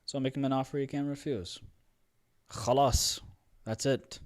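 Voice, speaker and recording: A man hosting a casual film commentary show, enthusiastic and playful, slightly hoarse. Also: mid-range voice, steady tone, measured pace. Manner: enthusiastic, playful, with frequent fillers. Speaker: host. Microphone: studio microphone.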